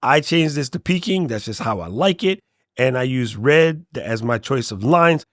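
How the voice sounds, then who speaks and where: In a laid-back screen walkthrough, a tech tutorial host casually explains app settings with some joking, speaking at a moderate pace. His pitch is medium and drops low as each sentence ends, and the sound is close and dry, without any room echo.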